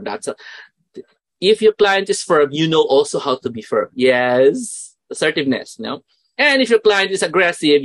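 A man with a Filipino accent gives an animated, casual spoken lesson. He often asks his listeners questions and drops quick Tagalog asides. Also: a little high, no room sound. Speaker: mentoring course instructor.

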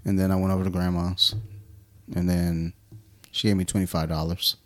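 Man, very deep voice, casual podcast banter, swears a lot, tells stories. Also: flat delivery, moderate pace. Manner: profane, storytelling with mimicked quotes. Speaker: podcast co-host. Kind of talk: casual chat. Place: home studio.

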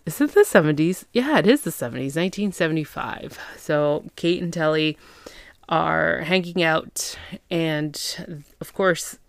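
A woman with a low voice runs through a TV episode recap as a chatty podcast host. She keeps dropping fillers and slips into the characters' lines. The sound is dry and close. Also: vocal fry, no room sound.

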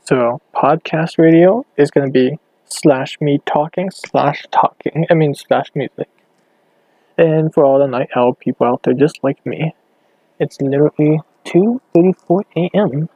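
A man hosting a casual late-night solo podcast, rambling and halting as he thinks aloud while clicking around on his computer. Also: on the high side, warm tone, breathy edge, no echo, poor audio. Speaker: podcast host.

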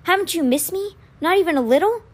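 A woman's voice: extremely high pitch, lively intonation, fast, pitched above the performer's own voice. Woman voicing a pleading teenage twin boy. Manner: pleading, urgent.

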